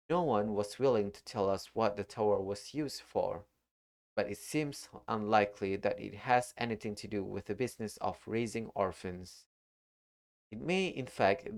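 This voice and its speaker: Live-streaming a horror game, a man unhurriedly comments on the play and reads in-game text aloud. His voice is on the low side and a little mellow.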